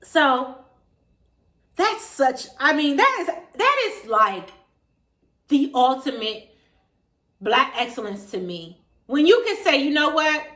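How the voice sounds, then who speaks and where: A woman from Maryland with a Washington D.C. area accent, talking casually and emphatically to camera with slangy, lively delivery. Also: high-pitched, slow pace, pauses often, roomy sound. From Maryland, USA. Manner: animated, emphatic, slangy, quotes other voices. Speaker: vegan vlogger. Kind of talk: casual direct-to-camera talk.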